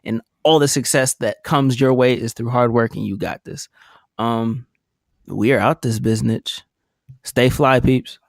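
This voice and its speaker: A man co-hosts a podcast, joking, teasing and crude. His voice sits at an ordinary pitch. The sound is dry and close, with no room in it. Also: fairly even intonation, unhurried, gravelly, no room sound. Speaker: podcast co-host. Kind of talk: casual chat.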